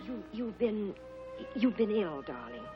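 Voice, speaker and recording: An actress playing a gentle woman soothing and reassuring a frightened girl. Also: mid-range voice, sing-song, measured pace, over music. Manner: soft, reassuring. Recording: dull old TV soundtrack.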